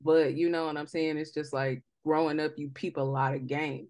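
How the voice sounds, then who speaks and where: A woman's voice: low voice, little pitch movement, moderate pace, a little mellow, dry recording. Blunt slangy young woman podcaster. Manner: blunt, slangy, emphatic storytelling. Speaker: podcast host. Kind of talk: casual chat.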